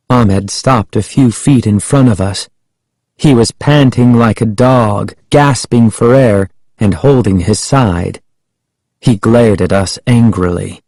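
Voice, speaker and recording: A man telling a spooky story in a slow, measured way, his voice at an everyday middle pitch. The recording is dry and close, with no room sound. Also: darkish tone, no echo, poor audio. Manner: measured, unhurried first-person telling. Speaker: audiobook narrator. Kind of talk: storybook narration.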